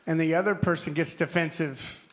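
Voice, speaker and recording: A man's voice: a little high, steady tone, a little fast. A man in the audience asking a question, hesitant and searching for words.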